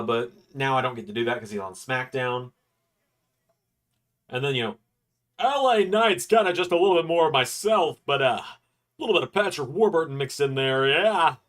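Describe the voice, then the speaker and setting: A man hosting a live stream, chatting casually with quick, joking asides as he reacts. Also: fairly high pitch, fairly bright tone. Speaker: streamer host.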